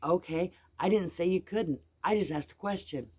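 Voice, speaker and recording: A woman's voice: fairly low pitch, normal speed, a little mellow, slightly rough. Exasperated middle-aged American woman venting. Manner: rambling, exasperated, blunt with casual swearing. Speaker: vlogger. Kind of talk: casual venting monologue.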